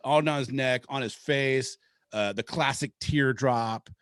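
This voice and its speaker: A podcast host from Seattle, Washington, drifts through a long story in relaxed conversation, cursing freely. He talks a little slowly in a medium-pitched, slightly bright voice, recorded with clean studio sound and no room sound.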